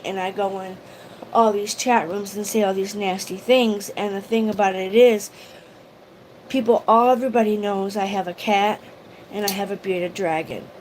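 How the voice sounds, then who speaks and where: A woman's voice: medium pitch, poor audio. Woman, livestream vlogger, rambling, emotional, faint background hiss. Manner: emotional, rambling, greets viewers by name. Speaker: YouTube vlogger. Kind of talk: casual livestream chat.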